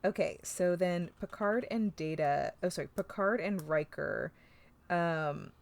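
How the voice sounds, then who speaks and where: A woman's voice: lowish voice, unhurried, creaky, a little mellow. A woman co-hosting a podcast, chatting casually and recapping an episode, with lots of fillers, swearing and laughter. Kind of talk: casual chat.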